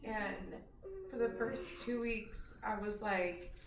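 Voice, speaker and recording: A woman's voice: medium pitch, steady tone, far from the mic, background noise. Earnest woman speaking from across an echoey room. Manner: earnest, plainspoken, halting. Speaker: program graduate. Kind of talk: heartfelt graduation speech.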